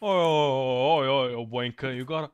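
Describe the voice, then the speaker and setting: A man doing a rowdy, mock-British caricature of a loudmouth bloke in short slang bursts. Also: mid-range voice, moderate pace, clean tone, no room sound, muffled recording, lightly acted. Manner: shouty, clipped slang bursts. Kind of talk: joking voice during a gaming stream.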